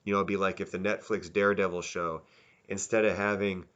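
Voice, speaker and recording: A man's voice: deep voice, little pitch movement, fairly quick, a bit bright, muffled recording. A man giving a casual, rambling spoken review, often restarting and correcting himself. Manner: rambling, self-correcting, candid. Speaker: video reviewer.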